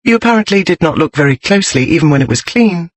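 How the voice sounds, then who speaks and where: A man voicing a sharp-witted young English lady who stays cool and speaks in a crisp, arch, precise way, in an audiobook reading. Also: fairly high pitch, lively intonation, quick pace, voice pushed up.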